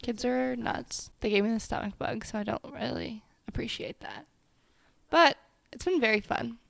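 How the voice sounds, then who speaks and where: Bright, gravelly young woman, playful. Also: fairly high pitch, normal speed, no room sound. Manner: teasing, playful. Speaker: podcast co-host. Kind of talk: casual chat.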